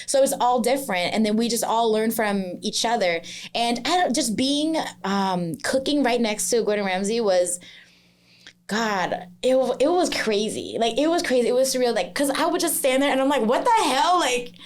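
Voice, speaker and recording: A young woman from Laos, a chef being interviewed in a casual podcast, talking in a chatty way full of "like" and quick laughs. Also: fairly high pitch, lively intonation. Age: young adult. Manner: chatty, laughs often, lots of "like" fillers. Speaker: chef and guest.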